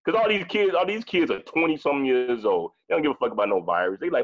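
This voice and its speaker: A man's voice: medium pitch, lively intonation, quick pace, hardly any pauses, highs cut off. A man in his forties, a guest in a casual discussion, talking emphatically with frequent profanity and repeating phrases as he thinks aloud. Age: 40s.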